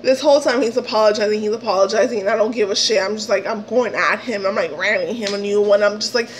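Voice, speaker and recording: A young woman vlogger telling a story, animated and indignant, swearing often and acting out the dialogue in a shrill, pleading voice. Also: fast talker, a little hiss or hum, rough recording. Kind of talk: story time retelling.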